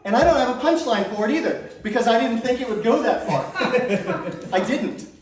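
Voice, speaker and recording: Middle-aged man doing stand-up, high voice, chatty and self-mocking, laughs at his own lines, heard from a distance. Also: expressive, normal speed, background noise. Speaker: stand-up comedian. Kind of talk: stand-up comedy set. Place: large room on stage. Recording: echoey room from far off.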